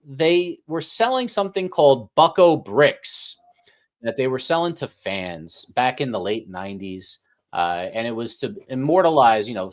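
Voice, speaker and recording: A man hosting a casual sports talk show, playful and hyped, with mock-grand praise. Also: mid-range voice. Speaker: host.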